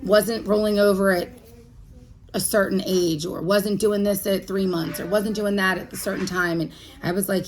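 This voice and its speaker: A woman in her thirties telling a personal story to camera, halting and emotional, with many pauses and restarts. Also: mid-range voice, level tone, low-quality recording. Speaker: vlogger. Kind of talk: candid personal chat to camera.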